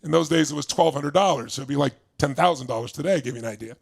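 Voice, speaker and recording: Gravelly high-voiced man telling stories. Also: rapid-fire. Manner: enthusiastic, acts out voices in anecdotes. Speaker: motivational speaker. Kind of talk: personal storytelling talk.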